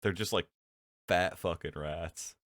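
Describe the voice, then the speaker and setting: A man's voice: sits low, slow, fairly bright tone, no room sound, studio quality. A laid-back man co-hosting a podcast, chatting loosely and laughing often. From New York State, USA. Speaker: podcast co-host. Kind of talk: casual chat.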